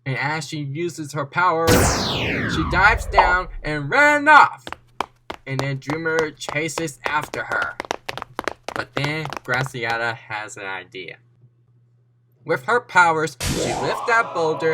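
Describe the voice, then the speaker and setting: A storyteller narrating a homemade toy adventure in a slow, dramatic way with gasps. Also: medium pitch, big pitch swings, over loud music. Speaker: storyteller with toys. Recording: noisy home recording with clicks.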